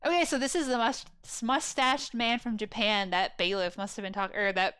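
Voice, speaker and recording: A woman's voice: a little high, fairly even intonation, moderate pace, a bit bright, clear, resonant tone. A woman hosting a let's play, chatting casually and bluntly with joking asides, game music behind her.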